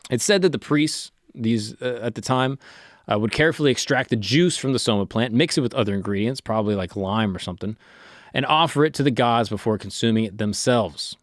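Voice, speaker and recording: A man's voice: mid-range voice, brisk, no room sound, studio quality. A man hosting a comedic history podcast, reading facts and breaking off into irreverent joking asides. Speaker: podcast host.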